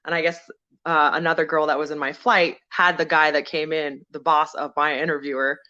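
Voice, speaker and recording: Bright-voiced woman telling a lively story. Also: fairly quick, lo-fi sound. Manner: animated, acts out quoted people with sudden jumps in pitch. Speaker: podcast guest, veteran and former firefighter. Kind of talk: casual storytelling.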